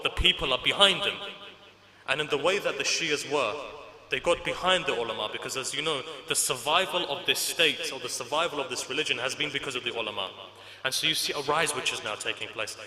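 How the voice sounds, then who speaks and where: Male lecturer, very bright edgy tone, chatty anecdotal delivery, roomy hall echo. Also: mid-range voice, fairly quick. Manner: conversational storytelling with humor. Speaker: Islamic lecturer. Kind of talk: religious lecture. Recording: echoey hall reverb.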